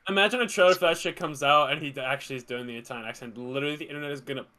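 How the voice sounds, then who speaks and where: A man co-hosting a casual podcast, animated and swearing often. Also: on the high side, rapid-fire, a crowd in the background. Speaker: podcast co-host. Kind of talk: casual chat.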